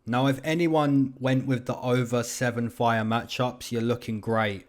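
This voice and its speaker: A man's voice: mid-range voice, steady tone, measured pace. Young guy chatting his fight picks and odds, slangy, says man and you know a lot. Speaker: betting and fight-prediction host. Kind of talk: casual commentary.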